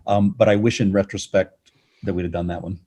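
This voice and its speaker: A middle-aged man, a TV executive guest on a podcast, telling relaxed anecdotes. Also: sits low, brisk. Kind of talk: interview answers.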